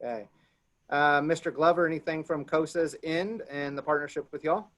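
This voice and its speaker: A man with an Oklahoma accent hosts a video call webinar, making loose, folksy announcements and repeating himself. His voice is fairly high-pitched and he speaks at a normal speed.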